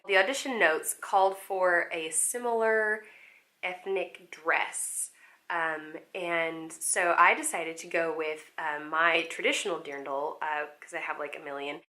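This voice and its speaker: Chatty, self-mocking young woman vlogger, bright voice. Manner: chatty, self-mocking, jumps into high playful voices for quotes. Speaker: actress and vlogger. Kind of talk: casual storytelling vlog with acted quotes.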